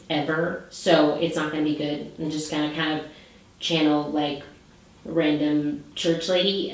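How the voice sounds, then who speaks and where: Bubbly young woman telling a story. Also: on the low side. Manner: bubbly, chatty, lots of likes. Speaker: show host. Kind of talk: casual storytelling. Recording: very echoey room.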